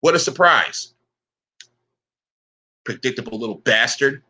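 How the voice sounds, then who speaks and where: A man's voice: medium pitch, lively intonation, a little slow, pushed and bright, slightly rough. A man in a profane, confrontational rant to camera. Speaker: online commentator.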